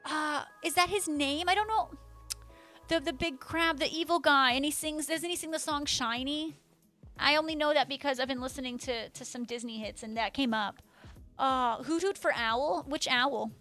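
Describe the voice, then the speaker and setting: Woman, young adult, high-pitched, bubbly, chatty streamer, faint background music. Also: normal speed, sharp tone. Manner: bubbly, chatty, reads chat aloud. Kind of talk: casual live-stream chat.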